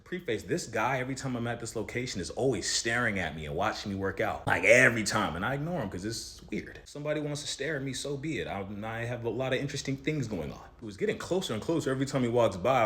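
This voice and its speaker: Fast, animated man telling a story. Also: lowish voice. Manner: animated, conversational storytelling with advice to listeners. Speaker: spiritual motivational speaker. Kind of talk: motivational storytelling monologue.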